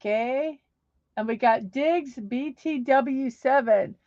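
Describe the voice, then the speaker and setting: Slow-talking chatty woman streamer. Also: high voice, darkish tone, no echo. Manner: chatty, upbeat, reads comments aloud with giggles. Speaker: livestream host. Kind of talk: casual livestream chat, reading chat aloud. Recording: dull lo-fi sound.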